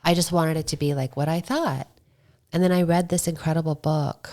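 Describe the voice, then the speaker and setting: A woman filmmaker chatting as a podcast guest, telling lively stories and quoting herself. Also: sits low, fairly quick. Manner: animated storytelling, quotes herself. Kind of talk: casual interview chat.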